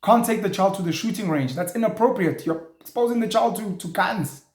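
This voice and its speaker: A man's voice: sits high, a little fast. A man, hosting a show and ranting bluntly in an opinionated monologue, now and then swearing. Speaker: show host. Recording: echoey room.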